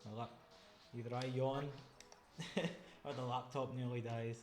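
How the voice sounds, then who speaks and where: A man casually commenting on his own game playthrough, chatty and thinking out loud about each move. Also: medium pitch, level tone, measured pace. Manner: chatty, thinks aloud over choices. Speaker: gaming channel host. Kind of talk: casual let's-play commentary. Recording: game music underneath. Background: game music.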